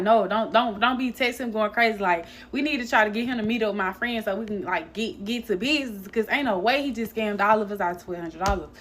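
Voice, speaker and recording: A young adult woman, a hairstylist, telling a long storytime to her viewers in a loose, chatty way, swearing and calling them y'all. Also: medium pitch. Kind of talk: casual storytime vlog.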